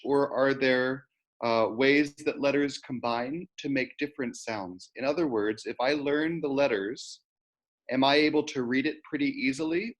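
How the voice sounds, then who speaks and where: A man's voice: medium pitch, low-quality recording. A man in an online class politely asking a question, with a few hesitant fillers. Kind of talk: question in a video call. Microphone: video call.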